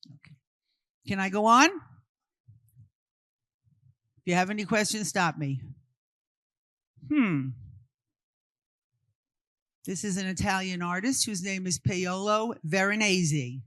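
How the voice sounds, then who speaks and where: A woman's voice: mid-range voice, takes it slowly, long pauses, fairly bright tone, dry recording. A woman from Brooklyn, giving an interactive art history talk and firing questions at her audience before answering them. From Brooklyn, New York. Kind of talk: interactive talk to a live group.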